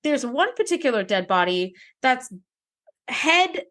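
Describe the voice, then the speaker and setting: High, lively-voiced woman podcast co-host. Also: a little slow. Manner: expressive, rambling storyteller. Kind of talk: casual recap chat.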